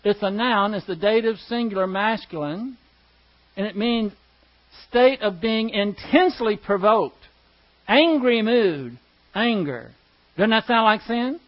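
Going verse by verse through a Bible class, this man breaks down Greek grammar step by step and puts questions to his students. His high-sitting voice is expressive and unhurried, though the audio sounds dull.

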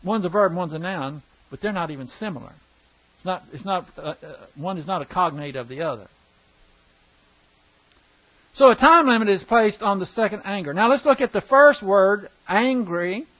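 A man's voice: sits high, expressive, moderate pace, highs cut off. A man teaching a Bible class verse by verse, explaining Greek grammar step by step and asking the class questions.

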